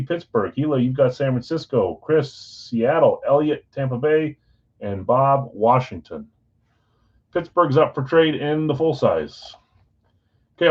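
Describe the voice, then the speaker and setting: A man hosting a live sports card break stream, chatting casually with viewers and reading out team assignments in a relaxed way. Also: medium pitch, highs cut off. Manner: relaxed, chatty, talks straight to viewers by name.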